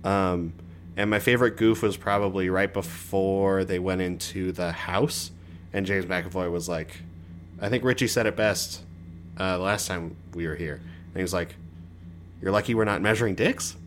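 A man with a slightly low voice co-hosting a home podcast. He talks in a relaxed, thoughtful way and drops the odd swear word. A faint background hiss runs under the recording. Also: moderate pace. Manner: relaxed, thoughtful, lightly profane. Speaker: podcast co-host. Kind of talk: casual movie review chat.

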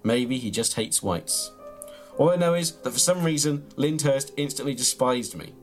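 A man, reading his own absurd comic story in a deadpan, mock-grand way, then bantering. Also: mid-range voice, moderate pace, faint music behind. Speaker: comedian reading his own tall tale.

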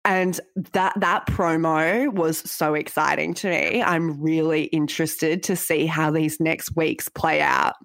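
A woman's voice: low voice, steady tone, measured pace, gravelly, few pauses, a bit bright, dry recording, studio quality. A woman co-hosting a TV recap podcast, bubbly and rambling, full of "like"s. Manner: chatty, bubbly, rambling with many "like"s. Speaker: podcast co-host. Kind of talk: casual chat.

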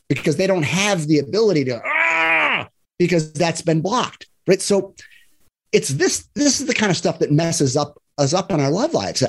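A man's voice: a little high, breathy edge. A man who works as a divorce and love coach, talking earnestly in a casual podcast conversation, often checking in with "right?". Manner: earnest, explanatory, acts out examples in other voices; frequent "right?" tag questions.

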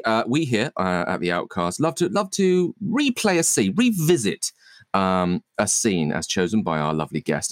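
A man's voice: medium pitch, no room sound, studio quality. A man hosting a podcast in casual chat, playful and self-mocking. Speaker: podcast host.

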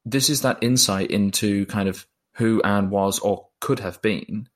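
A man's voice: on the low side, measured pace. Thoughtful man musing on a film. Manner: thoughtful, hesitant, repeats words. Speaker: film reviewer. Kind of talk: casual film discussion.

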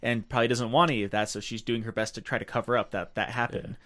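A man's voice: mid-range voice, steady tone, fast talker, fairly bright tone. A man on a movie podcast who retells scenes and briefly acts out the characters' lines. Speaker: podcast co-host. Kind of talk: casual movie discussion.

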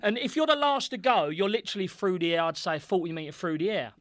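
A man's voice: high voice, sing-song, quick pace, no room sound, clean studio sound. A man telling football stories in casual chat, laughing, swearing and acting out what people said. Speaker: guest storyteller, former footballer.

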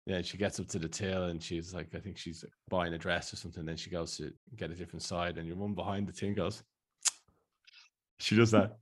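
A man's voice: deep voice, little pitch movement, quick pace, few pauses, breathy edge. A man hosting a casual interview, often restarting his questions and laughing along. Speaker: interviewer host.

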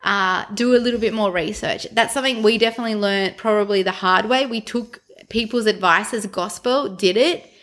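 A woman's voice: medium pitch, fairly quick, fairly bright tone. A young adult woman co-hosting a podcast, talking casually and reflectively and laughing easily. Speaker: podcast co-host. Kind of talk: casual chat.

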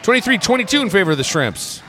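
A man's voice: high-pitched, very animated, quick pace, sharp tone, faint music behind. A man calling a basketball game as comedic play-by-play commentator with playful, improvised banter.

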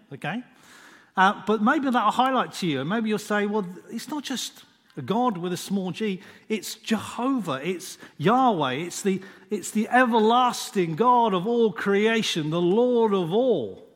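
A man's voice: a little high, a bit bright. A man gives a sermon in a slightly raised voice, lingering over single words and leaning on "just" again and again. His voice rings out with a long hall reverb behind it. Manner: unhurried, repeats "just" often, dwells on single words. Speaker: preacher.

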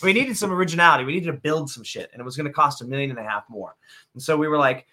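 Fast, bright-voiced filmmaker man. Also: on the high side. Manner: animated, swears freely, retells conversations. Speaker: film writer-director guest. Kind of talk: casual interview chat.

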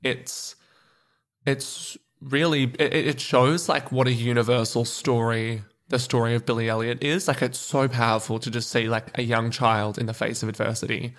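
A man's voice: mid-range voice, flat delivery, normal speed, a bit bright. A man co-hosting a podcast in casual chat, enthusiastic and rambling with frequent restarts. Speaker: podcast co-host.

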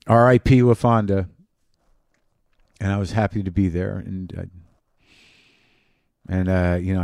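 A middle-aged man, a podcast host, telling a personal story in a halting monologue full of restarts and fillers. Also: lowish voice, warm tone, dry recording, studio quality.

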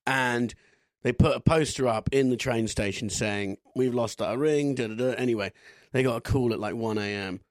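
A man's voice: mid-range voice, normal speed, dry recording, studio quality. A man co-hosting a podcast, chatting casually and telling anecdotes with comic voices. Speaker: podcast co-host. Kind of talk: casual chat.

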